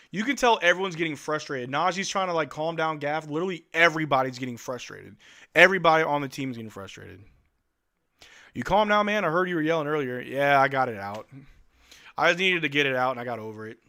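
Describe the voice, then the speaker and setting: A man's voice: on the high side, sharp tone. A male live-stream host giving casual fan play-by-play commentary in a blunt, exasperated, slangy way.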